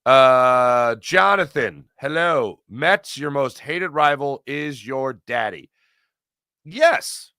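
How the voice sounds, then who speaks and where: A man's voice: mid-range voice, expressive, slow pace, few pauses, bright, forceful tone, clear, resonant tone, dry recording, clean studio sound. A middle-aged man hosting a casual sports talk livestream, energetically reading chat messages aloud and reacting to them. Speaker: sports talk show host.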